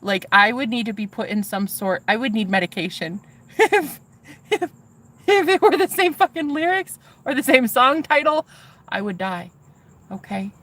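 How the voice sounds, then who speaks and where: A woman telling a story to her viewers in a casual vlog, excitable and swearing freely as she talks straight to them. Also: mid-range voice. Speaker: vlogger.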